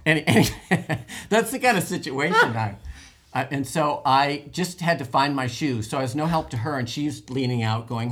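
A man's voice: on the high side, expressive, moderate pace, a bit bright. A man telling a rambling, self-deprecating story in casual group chat.

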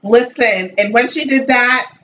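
A woman's voice: a little high, measured pace, a bit bright. A woman co-hosting a casual chat show, talking emphatically and swearing freely. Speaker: podcast co-host. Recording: distant, dull, faint noise.

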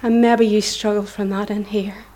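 A middle-aged woman with a Northern Irish accent delivers an earnest, impassioned church testimony, at times dropping to a whisper. Her voice is medium-pitched and warm, with a level tone and moderate pace.

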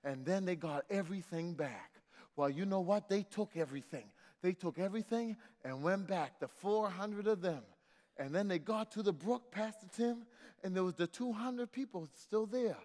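A man's voice: sits high, normal speed, darkish tone. A middle-aged man preaching a sermon in rhythmic call-and-response, repeating refrains and calling out to the congregation. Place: church sanctuary. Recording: long reverb of a church hall.

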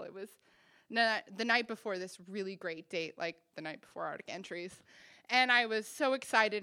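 A woman's voice: mid-range voice, bright, forceful tone, no room sound, studio quality. A woman in her twenties telling a funny personal story on stage, acting out the dialogue with self-deprecating humor.

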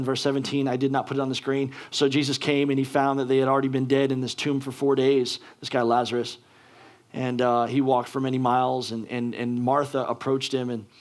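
A man preaching a sermon, talking casually with many restarts and building to fervent, emphatic delivery. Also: medium pitch. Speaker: pastor.

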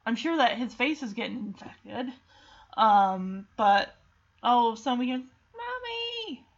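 A woman's voice: fairly high pitch, normal speed. Chatty woman retelling a movie. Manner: chatty and emotional, many fillers. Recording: dull lo-fi recording.

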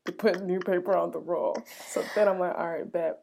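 A woman in casual chat, telling an everyday story in an easygoing, expressive way. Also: fairly low pitch, brisk, gravelly, slight background noise.

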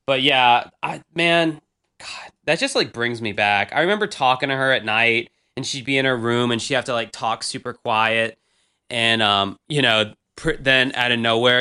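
A man's voice: medium pitch, moderate pace, pushed and bright, smooth. A man in his thirties, casually chatting as a podcast host, rambling and crude with self-mocking humor. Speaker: podcast host reading old diary posts. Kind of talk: casual chat.

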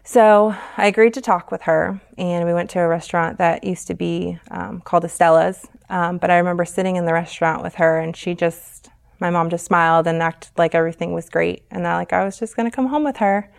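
Brief: young woman guest, slightly low, smooth yet gravelly, frank halting storyteller. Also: steady tone. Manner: frank, halting, many fillers and "like". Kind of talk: personal storytelling in conversation.

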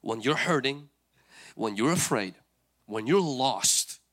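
A man's voice: mid-range voice, lively intonation, takes it slowly, fairly bright tone. A man preaching a sermon with fervent emphasis, speaking directly to the listener.

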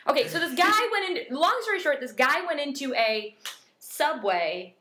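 A woman's voice: high-pitched, lively intonation, moderate pace, pushed and bright, slight background noise. A woman co-hosting a podcast, chatting casually and reading out odd news stories in a playful, giggly way. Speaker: podcast co-host.

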